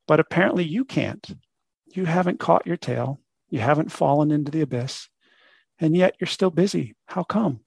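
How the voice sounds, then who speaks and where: A man voicing the vast great sea as a patient, kindly presence that gently questions a fish while he reads a story aloud. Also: a little high, moderate pace, gravelly, dry recording.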